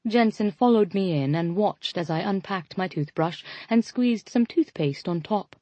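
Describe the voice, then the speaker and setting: Woman, first-person audiobook narration, wry animated delivery, mellow tone, lo-fi. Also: lowish voice, normal speed, hardly any pauses, no room sound. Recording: dry, slightly dull lo-fi audio.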